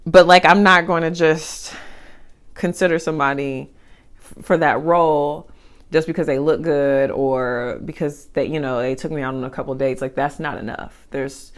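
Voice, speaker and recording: A young woman chatting casually as she eats on camera, animated, with side remarks and chewing sounds between thoughts. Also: sits low, normal speed. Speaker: mukbang vlogger. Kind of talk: casual chat while eating.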